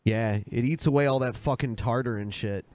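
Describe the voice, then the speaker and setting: A man's voice: mid-range voice, normal speed, a little mellow, no room sound. A man hosting a podcast, talking loosely with profanity and laughs. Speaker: podcast host. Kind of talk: casual podcast banter.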